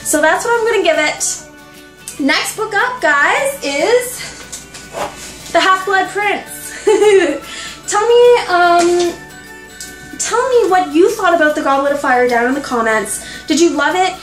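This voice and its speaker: A woman giving an excited, gushing book review, giggling often and restarting her sentences with lots of fillers. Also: very high voice, takes it slowly, pauses often, reverberant, soft background music, low-quality recording. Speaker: book vlogger.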